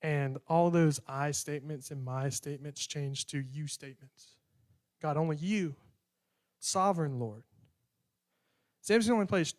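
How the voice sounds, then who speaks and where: A man's voice: on the high side, normal speed, a little mellow. A young man preaching a sermon in a conversational way, acting out prayers and bits of dialogue.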